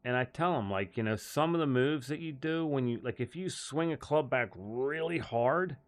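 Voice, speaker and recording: A man hosting a live golf talk stream. His voice sits at an ordinary middle pitch, and he tells stories in a loose, rambling way, restarting sentences and breaking into laughs. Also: expressive, normal speed. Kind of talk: casual live-stream chat.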